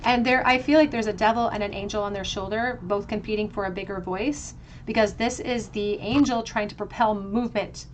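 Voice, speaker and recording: A woman's voice: medium pitch, steady tone, a little fast, a little hiss or hum. A woman giving a pick-a-card tarot reading, talking in a flowing, reflective way and often restarting her phrases. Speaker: tarot reader.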